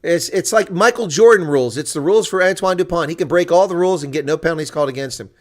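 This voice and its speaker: Excitable male rugby play-by-play host. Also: a little high, fast talker. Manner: calm analysis breaking into excited shouting on big plays. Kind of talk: live reaction play-by-play commentary.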